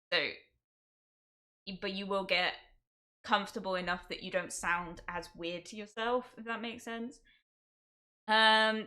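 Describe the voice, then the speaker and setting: A young English woman streams a casual livestream, chatting with her viewers, reading and answering chat, and laughing often. Her voice is fairly low in pitch with a sharp tone.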